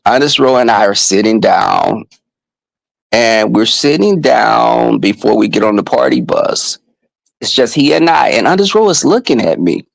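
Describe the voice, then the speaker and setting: A man vlogging a casual story monologue, animated and profane, breaking off now and then to scold his dog. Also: medium pitch, moderate pace, vocal fry, no echo, low-quality recording.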